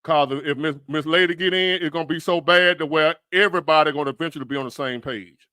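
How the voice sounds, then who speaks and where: A man doing fired-up reaction commentary, blunt and profane, talking in a rambling way. His voice sits a bit high and sounds bright and forceful. The sound is dry and close. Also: fast, no room sound. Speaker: livestream commentator. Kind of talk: reaction commentary on a news clip.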